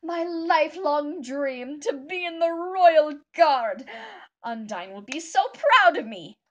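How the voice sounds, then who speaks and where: Woman voicing a pompous male skeleton from a game who shouts proudly, pitched up high, loud and punchy. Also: animated, takes it slowly. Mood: boastful.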